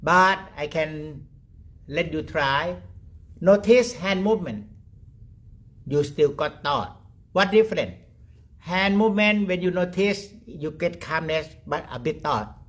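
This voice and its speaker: A man leading a guided meditation talk in simple broken English, pausing often and asking "okay?". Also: fairly high pitch, animated. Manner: repeats short words softly, trailing off quieter. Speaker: meditation teacher.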